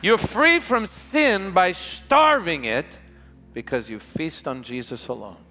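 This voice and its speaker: A man preaching a revival sermon as pastor, impassioned and emphatic, stretching key words slowly for weight, recorded live in a large church. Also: a little high, expressive, pushed and bright, faint music behind, some chatter behind. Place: large church hall with music behind. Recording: live church hall reverb.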